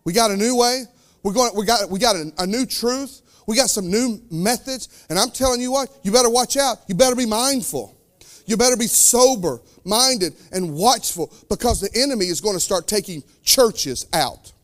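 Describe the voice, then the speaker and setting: A high-pitched, expressive male pastor delivers a fervent sermon, alternating between booming declarations and soft, unhurried asides.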